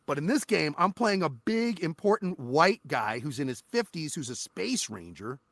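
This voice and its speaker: A man guesting on an interview podcast, a voice actor telling animated, profane stories about his work. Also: fairly high pitch, normal speed, no echo. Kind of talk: casual interview chat.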